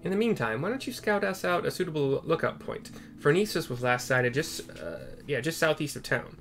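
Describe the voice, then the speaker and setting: A man's voice: fairly high pitch, brisk, fairly bright tone, soft background music. A man voicing a young, slight, proud male archer in a game, light and self-assured. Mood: businesslike.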